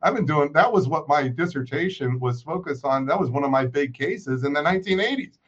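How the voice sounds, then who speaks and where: A man's voice: fairly high pitch, animated, a little fast, a bit bright, slightly rough. A man, a political scientist, giving emphatic lecturing analysis in an interview, dropping his voice on grave points. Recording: muffled remote audio.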